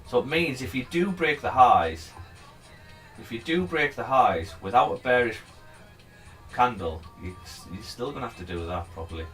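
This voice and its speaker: A man's voice: medium pitch, animated, normal speed, a bit bright, soft background music. A man giving casual, rambling commentary on a live trading stream. He chats freely, swears now and then, and urges the price on as he goes. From England.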